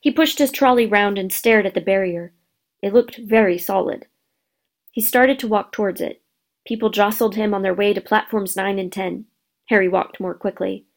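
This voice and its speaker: A woman narrating a storybook in a steady, expressive reading voice. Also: medium pitch, moderate pace.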